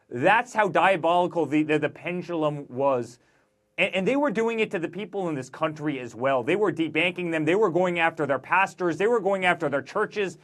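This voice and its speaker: A man in his forties, a guest author in a political interview, talking emphatically in rapid-fire lists. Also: a little high, a bit bright.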